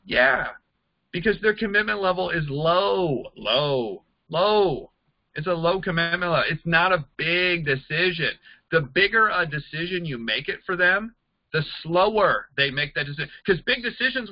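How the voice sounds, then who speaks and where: A man teaching a sales and recruiting class, talking fast and acting out bits of dialogue as he explains. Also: no echo, muffled recording. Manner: energetic, acts out quoted dialogue with pitch jumps. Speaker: network marketing trainer. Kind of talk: recorded online class.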